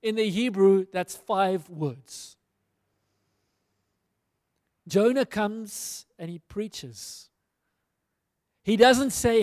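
A man with a high voice preaches in a relaxed, storytelling way, slipping into the voices of the people in the story. The voice sits close and dry on the mic. A long hall reverb trails behind every phrase. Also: slow pace. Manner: casual storytelling, acting out dialogue. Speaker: pastor. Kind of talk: sermon.

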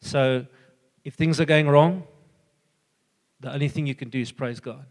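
An older man giving an earnest, halting personal testimony full of fillers and restarts. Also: mid-range voice, steady tone, long reverb tail. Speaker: church member giving a testimony.

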